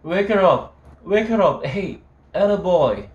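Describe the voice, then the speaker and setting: Man playing a drunk teen boy, slurred and shouting, raised voice, roomy echo. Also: on the high side, normal speed, dull audio, voice pushed up, lightly acted. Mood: drunk, pushy. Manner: slurred, loud, repetitive pleading. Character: drunk teenage boy yelling on phone.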